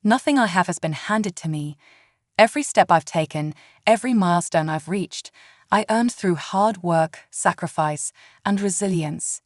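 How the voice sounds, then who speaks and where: A woman's voice: on the low side, normal speed, no room sound, studio quality, lightly acted. A woman narrator voicing a composed woman politician, speaking steadily. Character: calm, dignified woman politician.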